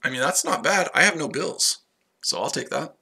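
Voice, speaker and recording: A man's voice: on the high side, expressive, moderate pace, creaky, bright, forceful tone, breathy edge. A man hosting a trading livestream, brash and profane, chatting to viewers by name and trash-talking rivals. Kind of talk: casual livestream chat.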